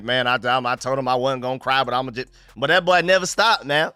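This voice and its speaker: A young man from North Carolina with a Southern drawl runs a casual live stream from his room. His voice is bright and crisp, a little higher than most men's, and dry with no room echo. He is animated and slangy and talks right to his viewers. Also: fast, hardly any pauses. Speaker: sports live-stream host.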